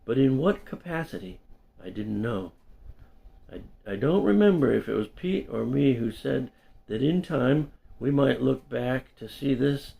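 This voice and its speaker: A middle-aged man reading his own memoir aloud in an unhurried, conversational way with small self-corrections. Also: medium pitch, lively intonation, vocal fry, warm tone. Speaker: storyteller and English teacher.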